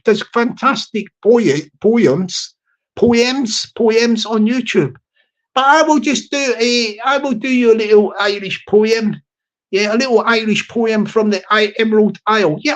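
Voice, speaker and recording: Rambling, jokey man chatting on a stream. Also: very high-pitched. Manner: rambling and jokey, laughs often, many restarts. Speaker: channel host. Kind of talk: casual livestream chat.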